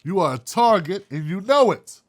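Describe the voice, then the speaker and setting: A man's voice: sits high, very animated, moderate pace. A man hosting an opinion commentary show, blunt and fired up, swearing freely. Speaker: host.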